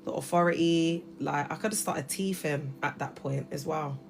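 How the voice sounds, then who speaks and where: A woman's voice: sits low, moderate pace, gravelly, soft background music. A woman in her thirties hosting a casual livestream from her phone, talking emphatically and addressing viewers directly. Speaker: livestream host.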